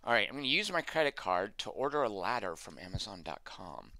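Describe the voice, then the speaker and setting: A man's voice: on the low side, big pitch swings, brisk, gravelly, bright, forceful tone, dry recording. A man streaming a text adventure, reading the game text aloud and adding wry, sarcastic asides.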